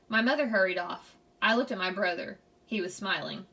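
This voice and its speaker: A woman's voice: mid-range voice, a little fast, bright, forceful tone, recorded from a distance. A woman reading a children's chapter book aloud, telling the first-person story expressively.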